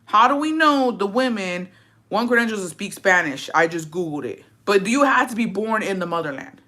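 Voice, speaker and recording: A woman's voice: mid-range voice, expressive, fairly quick, pushed and bright. Young woman, host, casual gossip chat, profane, ranting, fires off questions.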